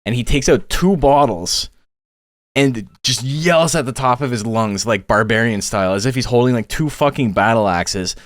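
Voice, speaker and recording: A man hosting a live stream, giving casual commentary on monster battles in a relaxed, chatty way and laughing as he tells stories. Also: mid-range voice, moderate pace, no echo, clean studio sound.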